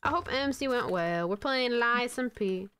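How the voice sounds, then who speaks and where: A woman's voice: a little high, measured pace, a bit bright, smooth. A young adult woman streaming a game, chatting casually, swearing and thanking followers. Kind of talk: casual gaming stream chat.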